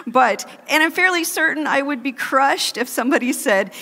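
A woman preaching a sermon in a church, loud and animated, with laughing asides. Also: high-pitched, a little slow. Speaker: guest preacher. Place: church sanctuary. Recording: long hall reverb.

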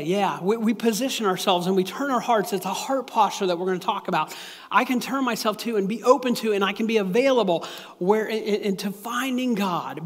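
A man preaching a sermon as a pastor, earnest and animated, often repeating himself. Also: sits high. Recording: long hall reverb.

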